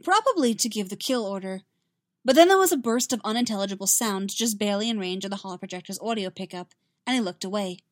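A woman narrating a science fiction story in a steady, expressive reading. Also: medium pitch, fast talker, no room sound, studio quality. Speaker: reader. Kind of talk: fan fiction audiobook narration.

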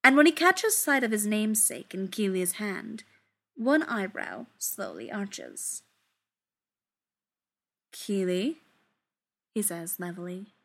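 A woman reading a story aloud in an expressive, unhurried way. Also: mid-range voice.

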